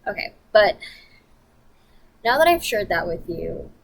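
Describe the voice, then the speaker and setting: A woman vlogger telling a story in a profane, animated, emphatic rant. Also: medium pitch, unhurried, vocal fry, rough recording.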